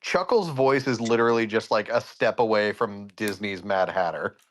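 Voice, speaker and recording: A man's voice: on the low side, normal speed. Easygoing man telling a story on stream. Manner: relaxed storytelling, laughs between bits, swears. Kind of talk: casual chat on a live stream.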